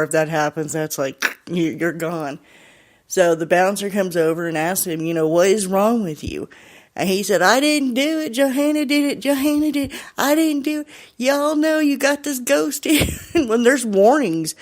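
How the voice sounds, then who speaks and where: Podcast host, casual storytelling, chatty, laughing often, mid pitch.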